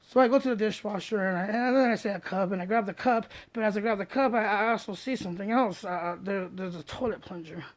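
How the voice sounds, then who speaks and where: A man's voice: high voice, fast talker, few pauses. A man telling a comic story on stage, stammering with repeated words as he builds it up. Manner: stammering repeats, animated retelling. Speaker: stand-up comedian.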